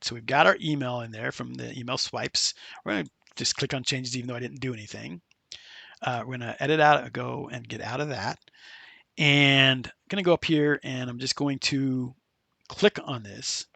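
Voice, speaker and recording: Man, gravelly bright voice, chatty tutorial host, dry close recording. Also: mid-range voice, no echo. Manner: chatty, loose, with many fillers and restarts. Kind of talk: casual screen-share software tutorial.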